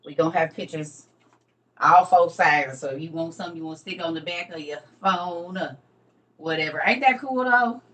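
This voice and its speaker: A woman's voice: lowish voice, normal speed, fairly bright tone, rough recording. Chatty woman on a livestream. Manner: chatty, addresses viewers as y'all. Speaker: livestream host. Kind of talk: casual morning livestream chat. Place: home room.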